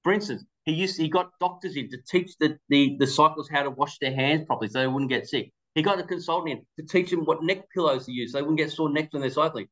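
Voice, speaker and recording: A man's voice: a little high, fast, few pauses, fairly bright tone, dull audio. A man giving a webinar presentation, telling anecdotes with quoted dialogue. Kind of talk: storytelling presentation.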